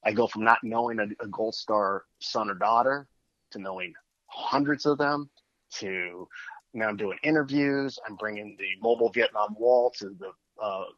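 A man's voice: on the low side, normal speed, a bit bright, no room sound, lo-fi sound. A man talking as a guest in a casual conversation, earnest and reflective.

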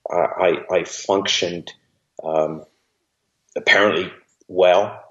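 A man with an English accent, a guest talking in a wry, measured, self-deprecating way. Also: a bass voice, a bit bright, lo-fi sound. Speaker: guest, former Marine officer. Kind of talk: casual conversation.

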